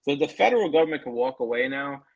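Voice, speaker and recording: A male podcast co-host talks in a heated, casual, profane way, mocking other people with put-on voices. His voice sits at a middle pitch. The sound is dry and close, with no room in it. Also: expressive, fast talker, no room sound, lo-fi sound. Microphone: remote call.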